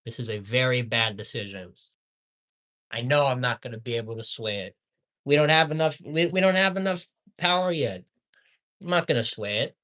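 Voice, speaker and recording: A man tears into some fast food in a profane tirade. He keeps repeating his insults and veers from soft muttering to loud hollering.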